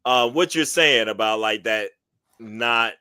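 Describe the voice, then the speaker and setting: A man's voice: medium pitch, slow, pushed and bright, clear, resonant tone, no room sound, studio quality. A man co-hosting a podcast, chatting casually and rambling with fillers as he recaps episodes. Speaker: podcast co-host.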